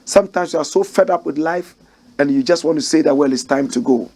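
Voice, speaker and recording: A man with a Ghanaian accent hosting a news commentary show, animated and emphatic, repeating phrases as he talks. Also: a little high, brisk.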